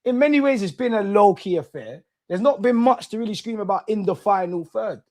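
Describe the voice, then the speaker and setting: A young man hosting a live football watch-along, reacting excitedly, swearing at the referee and telling the players to calm down. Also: high-pitched, fairly quick. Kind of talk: live match reaction commentary.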